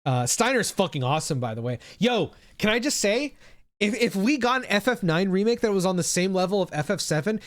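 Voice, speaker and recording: A male streamer talks off the cuff to his chat, rambling and dropping the odd swear word. His voice sits a little high for a man. The sound is dry and close, with no room in it. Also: no room sound. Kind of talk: casual live-stream reaction chat.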